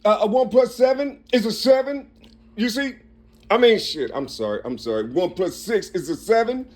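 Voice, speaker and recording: A man recording himself in a rambling monologue, working through numbers and letters aloud with halting restarts and asking "you see?" again and again. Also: very high-pitched, darkish tone. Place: Cincinnati, Ohio.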